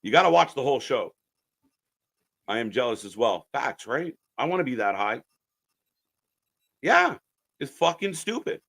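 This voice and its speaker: Man, bright sharp voice, very lively pitch, profane mocking rant, live stream commentary. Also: a little slow, creaky, long pauses. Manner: swings between muttering and shouting.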